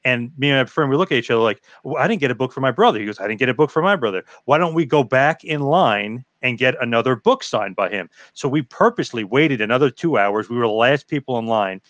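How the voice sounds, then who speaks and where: A man at a mid-range pitch hosts a casual podcast chat. He tells his story quickly and eagerly. His voice sounds dry and close, with no room sound. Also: no echo. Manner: eager storyteller, fast and animated.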